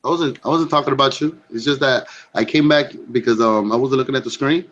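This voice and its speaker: A man's voice: medium pitch, fast, a bit bright, lo-fi sound. A man chatting on a group video call, who hesitates often and repeats his words. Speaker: panelist in a group video chat. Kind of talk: casual chat.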